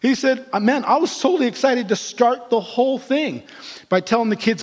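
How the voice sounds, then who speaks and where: A man with a high voice preaches in a church sanctuary. He tells Bible stories with lively energy, slipping into quick character voices for the figures he quotes. His words ring out with a long hall reverb. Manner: animated storytelling, acting out quoted characters. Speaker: pastor. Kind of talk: sermon.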